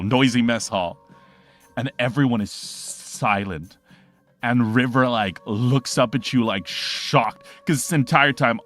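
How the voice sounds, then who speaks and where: A man's voice: mid-range voice, a bit bright. A man narrating a tabletop game as game master, in a loose, rambling way.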